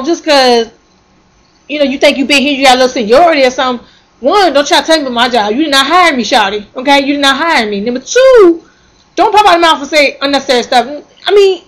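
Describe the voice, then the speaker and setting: Sassy high-voiced woman ranting. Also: rough recording. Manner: animated, sassy, acts out quoted arguments loudly. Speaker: vlogger telling a work story. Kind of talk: casual storytelling rant.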